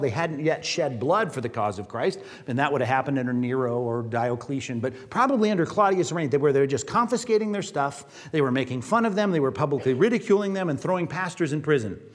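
A male pastor giving a conversational sermon, often asking the congregation questions. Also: fairly high pitch. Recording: reverberant hall.

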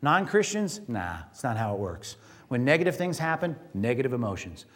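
A man's voice: medium pitch, very animated, fairly quick, a bit bright. A male pastor giving a conversational sermon, often asking the congregation questions. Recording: reverberant hall.

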